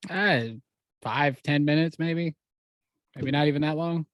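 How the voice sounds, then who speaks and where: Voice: medium pitch, fairly even intonation, a little slow, no echo, studio quality. A podcast co-host giving short, matter-of-fact answers in casual chat.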